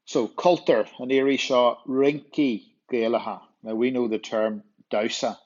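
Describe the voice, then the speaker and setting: Slow, patient Northern Irish male teacher. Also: mid-range voice, steady tone, darkish tone. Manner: slow, patient explaining, repeating words to drill them. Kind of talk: walkthrough lesson explaining vocabulary. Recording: dull lo-fi voice recording.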